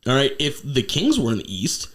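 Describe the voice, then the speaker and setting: A man hosting a casual podcast from his home studio, sucking on cough drops for a sore throat, talking excitably and swearing as he laughs. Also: mid-range voice, moderate pace. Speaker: podcast co-host.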